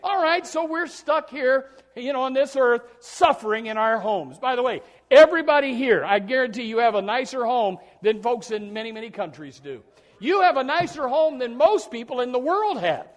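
A middle-aged male pastor preaching a sermon with emphatic swings in loudness, often repeating and restarting his words. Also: extremely high pitch, animated, moderate pace.

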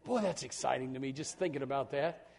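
A middle-aged male pastor preaching a sermon with emphatic swings in loudness, often repeating and restarting his words. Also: medium pitch, quick pace, creaky.

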